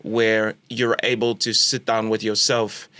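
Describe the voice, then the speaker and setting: Male podcast host, measured and halting, dry close sound. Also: fairly low pitch, level tone, bright, forceful tone, clean tone, no room sound. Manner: thoughtful, halting, with restarts. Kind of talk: interviewing.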